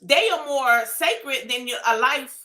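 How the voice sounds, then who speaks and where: High, bright woman pleading. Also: expressive, slow, roomy sound. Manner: pleading, emotional, rising to shouts. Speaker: vlogger. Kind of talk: impassioned personal rant to camera.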